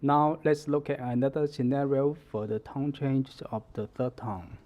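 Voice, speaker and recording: A man teaching a language lesson, explaining pronunciation rules slowly and modelling words for the listener to repeat. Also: medium pitch, fairly even intonation, highs cut off. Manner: slow, careful delivery, modelling words for repetition. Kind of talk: slow instructional explanation.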